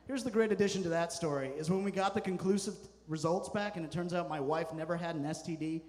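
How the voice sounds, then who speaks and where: A man doing a stand-up comedy set on a club stage, telling stories with deadpan punchlines. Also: on the high side, fast, hardly any pauses, big-room sound. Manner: deadpan storytelling with punchy asides.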